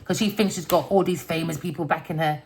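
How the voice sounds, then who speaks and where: A woman's voice: low-pitched, fairly even intonation, fast, a little mellow, slight background noise. A woman giving a casual spiritual rant as a tarot reader, heated and emphatic, swearing freely and tagging her lines with slang. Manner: slangy, tags lines with innit and boy.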